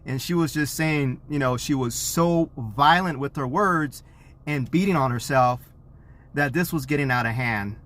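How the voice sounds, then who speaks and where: A man speaks with a mid-range voice, earnest and animated as he tells a personal story to the camera. He slips into the words people said, carrying the listener along as a parent who cares. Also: mid-range voice, a little slow. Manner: earnest, animated retelling with acted quotes; self-described introvert.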